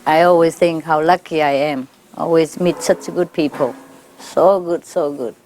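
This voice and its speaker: A woman spiritual teacher speaking informally to her followers, laughing often and repeating warm phrases. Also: low voice, fairly even intonation, moderate pace, noisy background. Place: gathering with a live audience.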